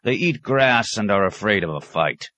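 A man voicing a proud, gruff nomad clan chief who speaks bluntly. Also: expressive, normal speed, bright, forceful tone. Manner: rumbling, blunt.

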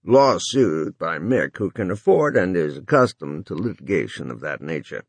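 A man's voice: deep voice, big pitch swings, moderate pace, gravelly, slightly rough, no room sound, pitched below the performer's own voice, full character voice. A man voicing an older businessman droning formally over a one-way phone line in an audiobook.

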